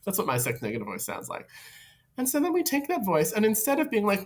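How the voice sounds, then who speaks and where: A woman's voice: lowish voice, very animated, brisk. A woman hosting an advice video, talking reflectively and playfully to camera and laughing often. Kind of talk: casual advice talk to camera.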